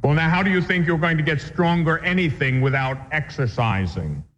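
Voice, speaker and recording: Man, priest, catechism lecture, slightly high voice, measured teaching, lo-fi sound. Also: expressive, a bit bright, slight background noise. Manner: measured, deliberate teaching with homely examples. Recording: dull lo-fi recording with long reverb.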